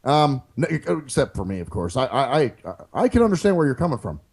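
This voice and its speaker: A man putting on a slow, measured impression of a male president, drawling with many ums and pauses. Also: mid-range voice, very animated, darkish tone, slightly rough. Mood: mock presidential. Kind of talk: comic improvised impression.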